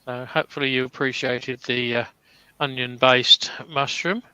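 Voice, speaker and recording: A man hosting a casual woodturning livestream, relaxed and full of puns and fillers. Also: mid-range voice, moderate pace, clear, resonant tone, dry recording, rough recording. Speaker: livestream host.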